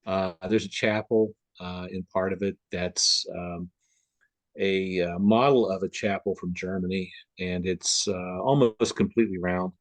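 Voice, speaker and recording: A man's voice: low-pitched, fairly even intonation, unhurried, no echo. A man from the Upper Midwest chatting as a guest on a video call, rambling with lots of fillers and restarts. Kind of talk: casual conversation on a video call.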